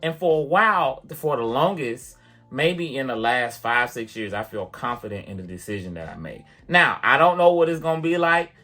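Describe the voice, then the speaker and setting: A man talks straight to the camera in an easygoing vlog, retelling a personal story with a bright, forward tone. His delivery is chatty and animated, peppered with casual fillers. Faint music plays underneath. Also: mid-range voice, moderate pace. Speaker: vlogger and piano teacher.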